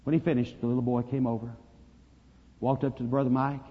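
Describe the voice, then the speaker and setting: A man preaching a sermon, telling a story dramatically and swinging from hushed to loud. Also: mid-range voice, flat delivery, brisk, breathy edge. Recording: dull lo-fi recording, long reverb.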